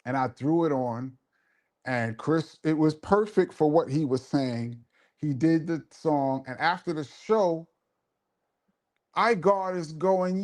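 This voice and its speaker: Laid-back storytelling man, slightly high voice. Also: a little slow, a little mellow. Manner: loose, laughing anecdote-telling with street slang. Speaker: host and DJ. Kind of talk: casual storytelling to a live stream audience.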